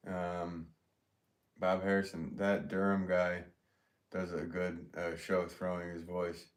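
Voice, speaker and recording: A man's voice: low-pitched, level tone, slow. A man from Connecticut, a potter, chatting casually and reading out comments on a live stream. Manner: rambling, easygoing, many fillers. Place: pottery studio. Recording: noisy background.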